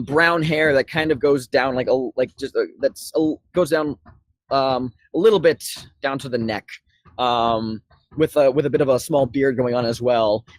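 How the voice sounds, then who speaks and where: A man narrating as dungeon master, halting with many fillers and restarts. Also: mid-range voice, no echo. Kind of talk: narrating a tabletop game.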